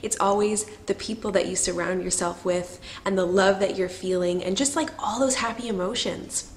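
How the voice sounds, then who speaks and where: A woman's voice: medium pitch, steady tone, moderate pace, a little hiss or hum. Chatty emotional woman vlogger. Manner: warm, chatty, lots of fillers, laughs often. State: teary, emotional. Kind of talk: casual to-camera storytelling.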